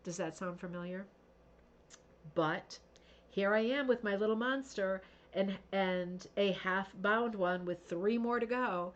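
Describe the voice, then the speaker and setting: A woman's voice: mid-range voice, measured pace, highs cut off. A woman hosting a craft livestream, chatting casually and gushing over viewers' work. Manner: chatty and gushing, with many fillers and asides. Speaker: host of a craft show livestream.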